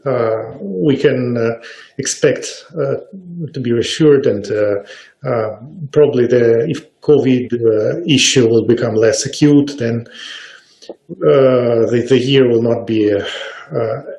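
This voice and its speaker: Male interviewer, slow and halting, gravelly dark tone, recorded in an echoey room. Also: mid-range voice. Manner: halting, slow, many uhs. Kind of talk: interview host wrap-up.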